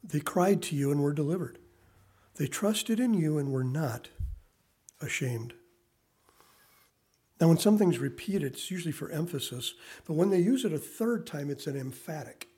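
Man preaching, loud swells and hushed asides. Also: on the high side, animated, normal speed, pauses often, slightly rough. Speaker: pastor. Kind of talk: sermon.

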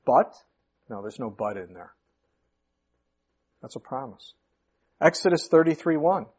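A man's voice: medium pitch, lively intonation, measured pace, darkish tone, slightly rough. A male pastor preaching a sermon, emphatic, his voice rising sharply on key points. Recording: muffled lo-fi recording.

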